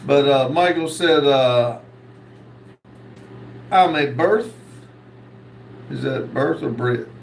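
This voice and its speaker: Slow-talking man reading chat aloud. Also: medium pitch, gravelly, reverberant, recorded from a distance, slight background noise, rough recording. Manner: slow, reads comments aloud with many uhs. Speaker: host reading live chat. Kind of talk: casual live stream chat.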